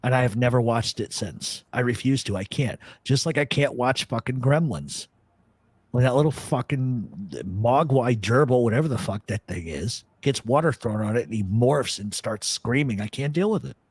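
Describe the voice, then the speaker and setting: A talk host who swears freely and wanders from story to story. His husky voice leaps up and down as he talks. He is recorded close and dry, with no room sound. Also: mid-range voice, normal speed, no room sound. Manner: profane, rambling, animated storyteller. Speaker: podcast host. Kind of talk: casual chat.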